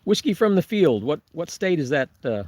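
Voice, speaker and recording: Man, somewhat high voice, casual livestream chat, rambling, chuckles, camping in a forest, dry sound. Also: sing-song, moderate pace, darkish tone, no room sound. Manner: rambling, chuckling, frequent restarts. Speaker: Bigfoot researcher vlogger. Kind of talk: casual livestream chat reading viewer comments. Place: camping on remote forested property.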